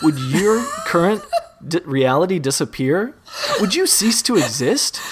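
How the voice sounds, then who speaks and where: Guy narrating a pick-your-path story, super animated, laughing at his own lines. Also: medium pitch. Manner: amused, often laughing through lines. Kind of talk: second-person interactive story narration.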